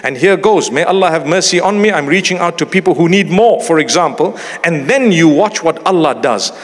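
A man's voice: a little high, animated, a little fast. A middle-aged man preaching a sermon in a chatty, humorous way, with Arabic phrases woven in. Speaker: Islamic preacher. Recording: long hall reverb.

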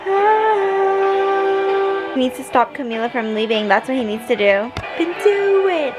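A woman's voice: on the high side, steady tone, fast talker, over loud music, low-quality recording. A young woman vlogger reacting emotionally to a TV finale, gasping and exclaiming at the screen.

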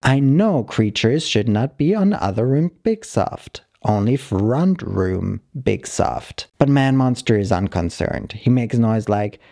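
A man calmly reading a short story aloud, narrating in the halting first-person voice of a dog. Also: medium pitch, gravelly, no room sound, clean studio sound.

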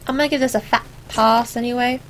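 A woman's voice: fairly high pitch, fast, a little hiss or hum, poor audio. Sarcastic woman commentating gameplay. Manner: sarcastic, animated, talks to the characters. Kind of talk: let's play commentary.

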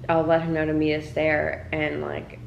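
A woman's voice: low-pitched, completely flat delivery, moderate pace, gravelly, roomy sound, muffled recording, slight background noise. A young woman vlogging, retelling her story with many fillers. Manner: quiet, subdued retelling. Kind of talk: storytime vlog.

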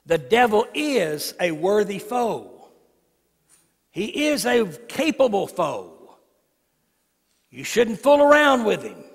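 A man preaching a sermon as guest speaker, telling folksy stories and swinging from hushed asides to shouting. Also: high-pitched, very animated, takes it slowly, pauses often, slightly rough. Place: church sanctuary, live service. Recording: reverberant church sanctuary.

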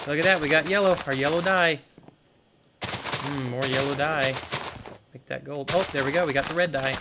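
Young male gaming host, rambling let's-play chat, light hiss on the mic. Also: a little high. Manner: rambling, talks to viewers while playing. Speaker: gaming YouTuber. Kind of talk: casual let's-play commentary.

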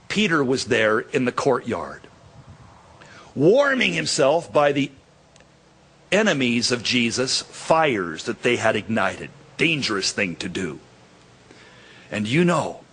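A man pastor preaching a sermon, acting out dialogue in quotes with animated delivery. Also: medium pitch, breathy edge.

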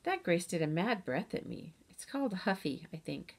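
A woman reading a storybook aloud in the voice of a chatty, boastful kindergarten girl who tells her own story with lively, childlike grammar. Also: lowish voice, moderate pace. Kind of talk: audiobook reading.

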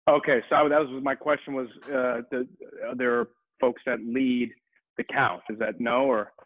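A man's voice: mid-range voice, steady tone, measured pace. A male guest martial arts instructor leading an online fitness class, calling out drills with upbeat coaching. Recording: tinny video-call audio.

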